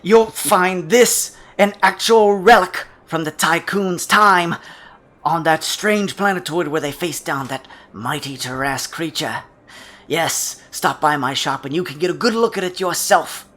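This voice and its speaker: A man voicing a sly male jeweler shopkeeper with a gem for an eye, speaking in a hushed, confiding way that often drops to a whisper. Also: fairly high pitch, measured pace, a little hiss or hum, pitched above the performer's own voice. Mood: salesy.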